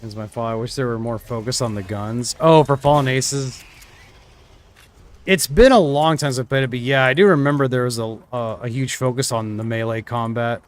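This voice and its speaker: A man's voice: mid-range voice, steady tone, a little fast, hardly any pauses. A young man streaming a shooter game, chatting casually and trailing off into mumbled asides. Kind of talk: casual gameplay commentary.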